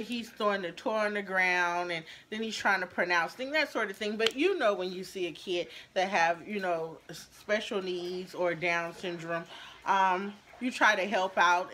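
A woman tells a story in a casual vlog, animated and talking straight to her viewers. Her voice sits at an ordinary middle pitch. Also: a little hiss or hum. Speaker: storyteller vlogger.

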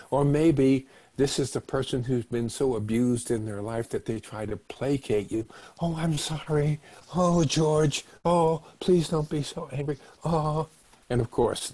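An older man giving a slow, reflective webinar talk on relationships, now and then acting out short quoted exchanges. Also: medium pitch, warm tone, slightly rough. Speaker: doctor giving a meditation talk. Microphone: webinar microphone.

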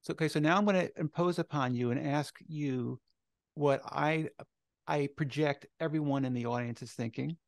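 A man's voice: a little high, moderate pace, gravelly, no room sound, studio quality. A man hosting an interview, reacting to his guest with short affirmations and then moving on to follow-up questions. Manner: brief warm affirmations, then probing questions. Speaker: podcast host.

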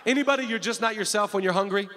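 A man's voice: high-pitched, rapid-fire, long reverb tail. A man preaching a sermon in a church, telling humorous stories and calling out to the congregation. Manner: lively, humorous storytelling with call-and-response to the crowd.

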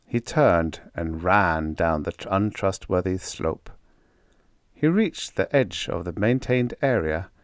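A man narrating a science fiction short story as an audiobook, reading slowly and deliberately. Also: sits low, lively intonation, dry recording. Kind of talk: scripted narration.

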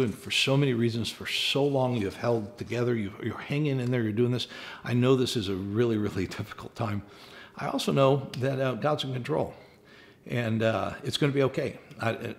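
A middle-aged man, a church pastor, speaking earnestly in a short talk that ends in a quiet prayer, often repeating his words. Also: mid-range voice. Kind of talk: sermon with closing prayer.

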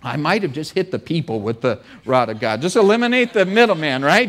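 A male pastor delivering a sermon in a church, slightly higher-pitched than most men. He tells the scripture story with jokes and plays the people in it with quick, animated voices.

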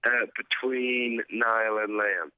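A man's voice: fairly low pitch, steady tone, slow pace, dry recording, muffled recording. A young man being interviewed as a guest musician, answering in an easygoing, hesitant way with many fillers. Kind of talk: casual interview.

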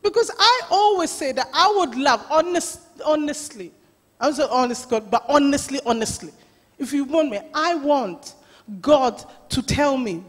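Woman pastor, high-pitched lively sermon voice, long church reverb. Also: normal speed. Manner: storytelling, animated, laughing often.

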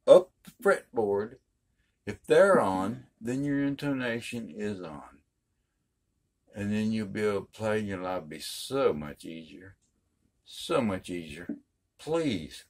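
A man's voice: on the low side, darkish tone. An older man giving a casual guitar lesson in a folksy, emphatic way, repeating his points. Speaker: guitar teacher.

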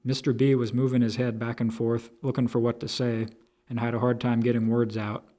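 A man narrating a story aloud in crude street slang with a deadpan delivery. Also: medium pitch, a little fast.

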